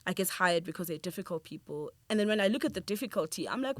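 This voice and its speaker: A woman's voice: on the low side, animated, fast, few pauses, no room sound. A woman film director talking as a podcast guest, earnest and reflective, with frequent restarts and easy laughter. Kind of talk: conversational podcast interview.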